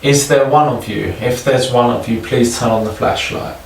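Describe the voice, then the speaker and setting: A man hunting ghosts at night in a haunted house, slowly asking the spirits questions and swearing in awe. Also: mid-range voice, fairly even intonation, creaky, slight background noise. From United Kingdom. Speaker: paranormal investigator. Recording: echoey room, mic at a distance.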